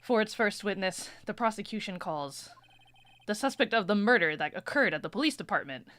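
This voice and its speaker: A woman's voice: mid-range voice, lively intonation, fairly bright tone, pitched above the performer's own voice, lightly acted. A woman doing a cool, precise prosecutor. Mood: formal. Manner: formal, deliberate.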